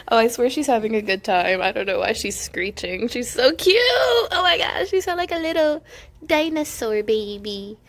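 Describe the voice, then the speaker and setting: A woman's voice: a little high, lively intonation, moderate pace. A young woman vlogging at home, cooing baby talk to her infant between casual chat with viewers. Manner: gushing baby talk with frequent giggles.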